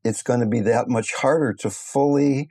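An older man teaching meditation, telling stories in a calm, unhurried, reflective way. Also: mid-range voice, slightly rough. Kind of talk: teaching talk with storytelling.

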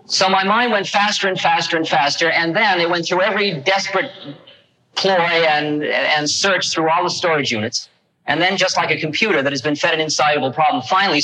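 An older man telling a personal story to an audience, animated and acting out the lines he quotes. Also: a little high, fairly quick, low-quality recording. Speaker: speaker recounting a personal story. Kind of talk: storytelling talk.

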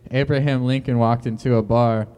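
A man doing a deliberately awkward stand-up bit, stammering, rambling and over-explaining every joke. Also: mid-range voice, fairly even intonation, dark tone, smooth. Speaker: comedian guest.

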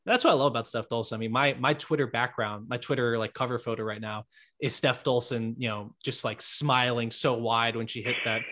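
A man's voice: medium pitch, fairly even intonation, fairly quick, pushed and bright. Enthusiastic man hosting a podcast. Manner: enthusiastic, talkative. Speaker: podcast host. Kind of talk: casual podcast chat.

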